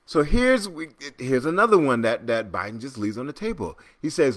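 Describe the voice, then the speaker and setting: A man hosting a podcast, giving casual political commentary in an animated, exasperated way, with frequent restarts. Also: mid-range voice, normal speed, few pauses. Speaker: podcast host.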